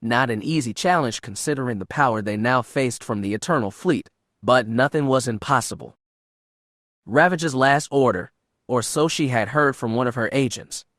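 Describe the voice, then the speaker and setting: A man narrating an unabridged science-fiction audiobook in a steady, measured way. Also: medium pitch, no echo, clean studio sound. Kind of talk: scripted narration.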